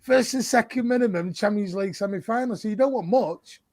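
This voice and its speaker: Guy ranting about football on a panel, highish voice, dry sound. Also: fairly quick, no room sound. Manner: blunt, animated, laughs while talking. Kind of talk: casual panel chat.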